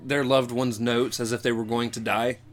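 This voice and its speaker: A man's voice: medium pitch, level tone, moderate pace. A young man casually recapping a cartoon episode, rambling and acting out the characters' lines as he retells the story. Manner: rambling storyteller, acts out quotes. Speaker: podcast co-host.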